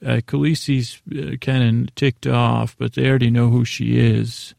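This podcast host talks casually through a TV episode, paraphrasing scenes loosely and saying "uh" a lot. He speaks at normal speed in a medium-pitched, heavily gravelly voice with a flat, dark delivery. The close, dry podcast-mic recording has no echo.

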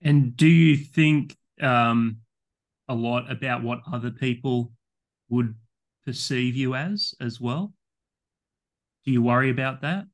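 A man's voice: medium pitch, slow pace, long pauses. Hesitant male podcast host. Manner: hesitant questions with fillers and restarts. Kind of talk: casual interview.

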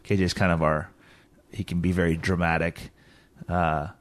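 A man's voice: sits low, level tone, normal speed, no echo. A man who is a parent, casually recounting a family story in detail. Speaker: parent vlogger. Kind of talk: casual chat.

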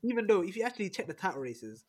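A young man making his case quickly and animatedly in a casual football podcast debate, with slangy phrasing. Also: sits high, sing-song, slightly rough. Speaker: podcast panelist.

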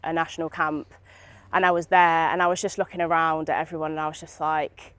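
A woman's voice: low-pitched, level tone, quick pace, fairly bright tone, dry recording. A young woman from Britain, speaking candidly as an interview guest with many fillers and restarts, recorded outdoors in a park.

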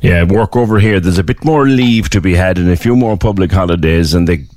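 A man's voice: deep voice, fairly quick, a little mellow, no echo, studio quality. A man with a Cork Irish accent hosting a casual radio interview and asking curious questions. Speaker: radio host.

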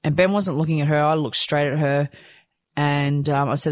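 A woman telling a personal story candidly and from the heart, rushing and restarting her sentences. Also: low-pitched, steady tone, dry recording. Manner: heartfelt, rushed, with frequent restarts. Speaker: storyteller sharing a personal experience.

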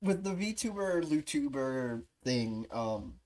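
A woman's voice: a bass voice, expressive, takes it slowly, darkish tone. A woman hosting a casual streamed podcast chat, giggling often and joking about herself. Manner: giggly, self-deprecating. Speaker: podcast host.

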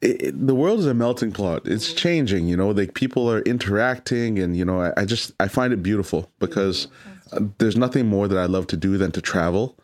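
Man with a low voice, chef being interviewed, earnest, halting, repeats himself. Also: animated, a little mellow. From Toronto, Canada. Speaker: chef and restaurant owner. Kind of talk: conversational interview.

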